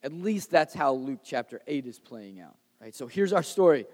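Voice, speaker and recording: A man's voice: medium pitch, sing-song, moderate pace, big-room sound. Man preaching with a conversational swing. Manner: conversational, swings between loud emphasis and soft hushed lines. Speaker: pastor. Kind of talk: sermon.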